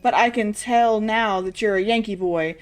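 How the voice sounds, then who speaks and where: A woman's voice: medium pitch, normal speed, natural voice. A woman voicing a blustering, eccentric old army brigadier with a shaky put-on posh British accent while reading game dialogue on stream.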